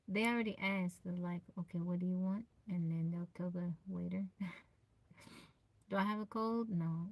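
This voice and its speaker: A woman with a soft, naturally low voice chats casually with viewers on a live stream, greeting them by name and laughing often. She pushes to project over her quiet tone. The sound is close and dry. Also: no room sound. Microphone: phone.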